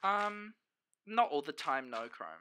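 A young man streaming a game, chatting casually and swearing freely. He talks to his viewers and to himself, with sudden excited outbursts. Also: fairly high pitch, a little slow, a little hiss or hum. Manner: talks to the chat and himself as he plays. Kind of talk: casual gameplay commentary.

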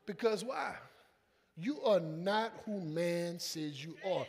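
Man, pastor, preaching sermon, high voice, call-and-response, church hall reverb. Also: animated, slow pace, creaky, husky. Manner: call-and-response preaching, swelling to loud emphatic lines; acts out quoted voices in conversational vernacular. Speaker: senior pastor. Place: church sanctuary.

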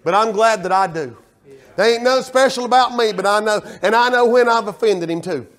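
A man preaching a sermon as pastor, telling folksy stories in a loud, animated way. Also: sits high, fairly quick.

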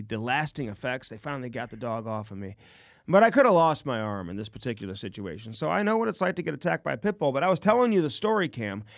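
A man co-hosting a podcast, telling a rambling story in casual chat, saying "dude" a lot and getting animated as he goes. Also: medium pitch, no room sound, studio quality. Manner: rambling, says "dude" often, gets animated retelling. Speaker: podcast co-host.

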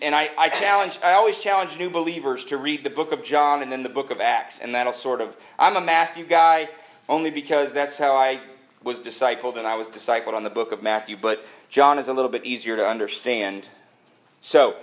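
A man preaching a sermon, animated and joking, who jumps from point to point. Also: mid-range voice. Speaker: pastor. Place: church sanctuary. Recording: echoey church sanctuary.

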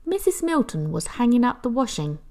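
A woman reading a children's picture book aloud with expressive storytelling. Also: on the high side. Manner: slow, expressive, hushed at the end. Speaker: storybook reader.

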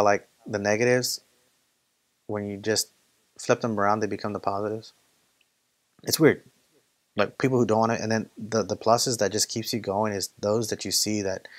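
A man preaching a casual Bible study, conversational and full of stories and acted quotes. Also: on the low side. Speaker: pastor leading Bible study. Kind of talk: casual sermon.

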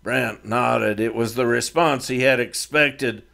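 A man reads his own Western story aloud, taking his time over each line. His voice is gravelly and unhurried, sitting at an ordinary middle pitch. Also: fairly even intonation, sharp tone. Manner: slow, measured reading of fiction. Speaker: author and narrator. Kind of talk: scripted narration.

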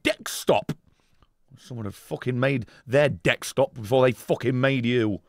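A man's voice: mid-range voice, measured pace, gravelly, dry recording. A man streaming a game live, ranting at his chat in a profane, exasperated way. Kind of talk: live gameplay stream commentary.

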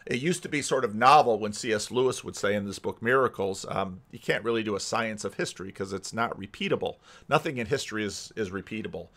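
A man's voice: on the low side, fast, few pauses. A man hosting a commentary channel, talking casually and musing over a debate clip, restarting his sentences often. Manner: musing, restarts often, animated when he mimics others.

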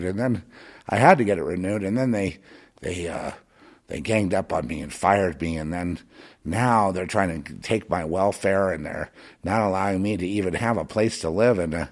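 A man's voice: fairly low pitch, moderate pace, a little mellow. A man hosting a podcast monologue, rambling and impassioned, sarcastically scolding his listener, with many restarts. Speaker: podcast host.

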